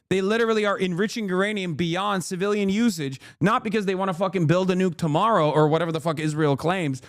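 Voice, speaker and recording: A man's voice: high-pitched, no echo, clean studio sound. A man in his thirties giving heated, profane political commentary to his chat on a livestream. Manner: ranting, profane, emphatic. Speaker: political streamer.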